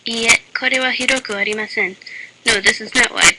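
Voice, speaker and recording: A woman delivers a parody language lesson with a flat, deadpan read and dry asides. A loud, steady hiss runs under her voice the whole time. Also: a little high, fast talker. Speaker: lesson narrator. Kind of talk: mock language lesson reading with joke asides. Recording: loud constant background hiss.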